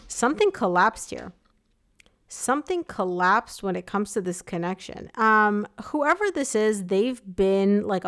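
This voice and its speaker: A woman's voice: mid-range voice, clean tone. A young woman doing a casual live tarot reading, chatty and sympathetic, with lots of "like" and "um". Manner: chatty, empathetic, filler-heavy with frequent "like" and "um". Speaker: tarot reader.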